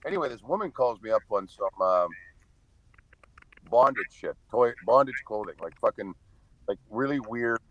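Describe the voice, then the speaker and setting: A man's voice: mid-range voice, animated, moderate pace, a little hiss or hum, low-quality recording. A middle-aged man tells stories as a podcast guest, blunt and profane, often laughing. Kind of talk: casual storytelling.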